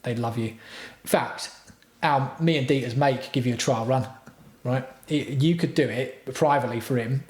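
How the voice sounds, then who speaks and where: A man's voice: mid-range voice, moderate pace, darkish tone. Sweary man ranting. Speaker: livestream host. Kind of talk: casual livestream rant. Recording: echoey room.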